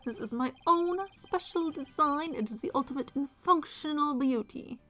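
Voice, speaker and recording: A woman's voice: sits high, moderate pace, fairly bright tone, pitched above the performer's own voice. A woman putting on a pompous flamboyant male designer. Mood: haughty. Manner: pompous, put-on accent. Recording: faint music behind.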